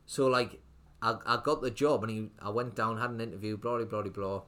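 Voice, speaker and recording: A man's voice: lowish voice, steady tone, fairly quick, a bit bright. Rambling young man. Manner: rambling, full of "like" and restarts. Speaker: restaurant owner, podcast guest. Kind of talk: casual interview chat.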